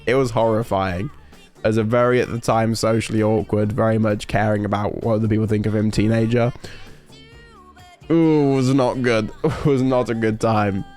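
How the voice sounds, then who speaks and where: A man's voice: on the low side, steady tone, normal speed, darkish tone, soft background music. A young man from the UK telling a story in casual stream chat, rambling and interrupting himself, laughing often.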